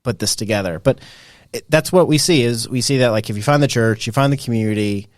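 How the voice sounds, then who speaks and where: A man in his thirties hosting a podcast in casual chat. He talks in an animated way, with lots of fillers, and laughs often. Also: medium pitch, a little fast, dry recording, clean studio sound. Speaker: podcast host.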